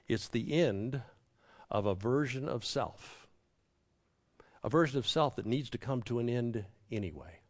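A man preaching a reflective sermon, with a repeating cadence and a quiet hush on key words. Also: mid-range voice. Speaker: pastor.

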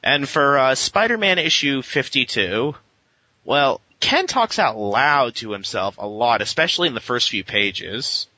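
A man co-hosting a podcast, recapping and reviewing comic book issues in a casual, rambling way and jumping into quick voices for the characters. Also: medium pitch, expressive, bright, forceful tone, muffled recording. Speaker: podcast co-host.

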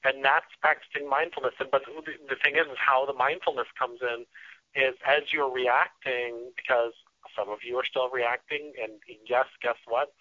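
An earnest man speaking as a radio guest, his voice bright and forceful. He often restarts his sentences and fills pauses as he explains. The sound is dry and a little dull, with a lo-fi feel. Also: medium pitch, steady tone, no room sound. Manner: earnest, with frequent restarts and fillers. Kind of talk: casual interview talk.

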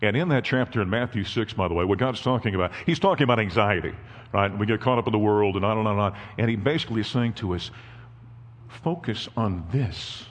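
A man's voice: lowish voice, quick pace, in a large hall. A man in his fifties giving a sermon as a guest speaker, telling personal family stories in a folksy way. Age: 50s. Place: church.

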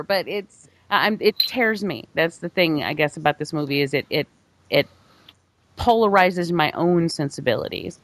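This woman co-hosting a film podcast has a fairly low, fairly bright voice that is animated and moderately paced, captured in a dry recording. She wanders through casual film chat, often laughing and restarting.

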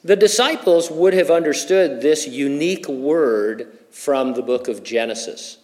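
A middle-aged male pastor teaching through scripture in a relaxed, conversational sermon. His voice sits a little on the high side for a man, and he drops in light, joking asides between his points. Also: a little slow. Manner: conversational, with humorous personal asides. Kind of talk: expository sermon.

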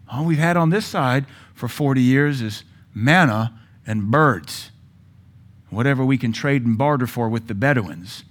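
A middle-aged male pastor preaching a sermon, with forceful rises in volume and sudden quiet drops. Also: medium pitch, animated, measured pace.

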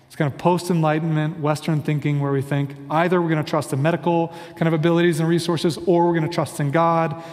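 A man's voice: on the high side, a little mellow, long reverb tail. A man preaching a sermon in an earnest, conversational way, often hedging with fillers. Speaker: pastor.

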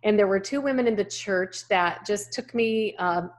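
A woman's voice: medium pitch, normal speed. A woman in her fifties, originally from California, telling a personal faith story as a guest in an interview. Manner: earnest storytelling, acts out voices in quotes. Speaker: guest author and speaker. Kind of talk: personal testimony in a podcast interview.

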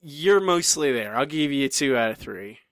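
A man's voice: medium pitch, animated, normal speed, a bit bright, dry recording, studio quality. A man co-hosting a podcast in casual chat, teasing and self-deprecating as he runs a trivia game. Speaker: podcast co-host.

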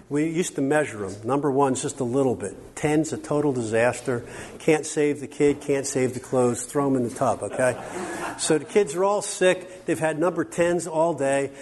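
Animated man teaching in a reverberant hall. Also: medium pitch. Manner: animated and joking, quizzing the audience. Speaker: workshop speaker on biblical counseling. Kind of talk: teaching a workshop to a live audience. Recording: long hall reverb, faint background noise.

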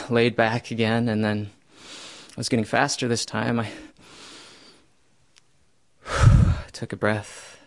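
A young man telling a first-person true story in a self-mocking way, with loud bursts when he voices his own panic. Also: lowish voice, clean tone.

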